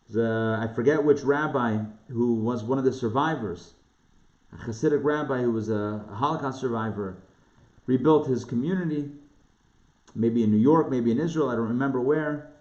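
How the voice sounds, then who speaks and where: A man's mid-range, darkish voice leads a casual Torah lesson; he's a rabbi teaching live online. His manner is conversational, and he keeps asking listeners questions. Expect an echoey room and muffled, lo-fi audio.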